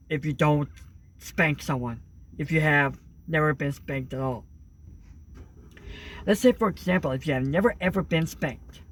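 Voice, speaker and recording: A young vlogger speaks earnestly in a somewhat high voice, with a little hiss or hum in the background. His casual monologue rambles, full of fillers and restarts.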